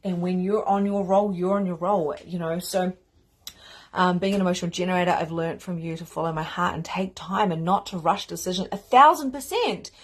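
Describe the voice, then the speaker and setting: A woman spiritual mentor hosting a course, giving an energetic, emphatic motivational teaching talk in a casual manner with repetition. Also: fairly low pitch, fairly quick.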